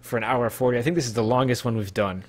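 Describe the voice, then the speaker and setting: A man's voice: medium pitch, fast, slight background noise. A man hosting a casual live-streamed podcast, rambling and correcting himself as he goes. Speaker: podcast host.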